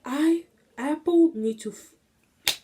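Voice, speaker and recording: A woman's voice: high voice, slow, darkish tone. Young woman rambling on a solo podcast. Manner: rambling, filler-heavy, restless. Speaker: podcast host. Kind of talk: casual solo vlog-style podcast. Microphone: phone camera.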